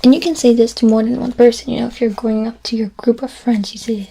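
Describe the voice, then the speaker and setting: A woman in a whispered role-play as a French teacher, soft-spoken and patient, repeating each word slowly. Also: on the high side, fairly even intonation, vocal fry, a little hiss or hum.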